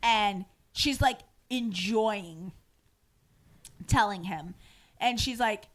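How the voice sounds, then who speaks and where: A woman's voice: medium pitch, drawn-out words, a bit bright. A woman podcast host in a casual recap chat, retelling scenes with lots of fillers and acting out the quoted lines. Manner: frequent "um" and "like" fillers, casual swearing.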